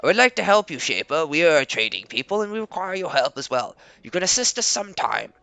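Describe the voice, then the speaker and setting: A man voicing a proud, guarded male leader of a servile tribe in a fantasy game, speaking in a formal, measured way. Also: on the high side, sing-song, gravelly, sharp tone, smooth, no room sound, pitched below the performer's own voice, heavily acted.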